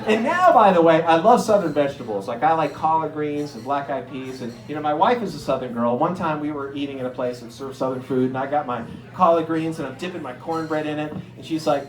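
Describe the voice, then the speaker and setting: A middle-aged man from Erie, Pennsylvania, telling stand-up stories and acting out the people in them with sudden jumps in pitch. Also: a little fast, few pauses, reverberant, poor audio. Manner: animated, acts out characters with jumps in pitch. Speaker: stand-up comedian. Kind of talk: stand-up storytelling.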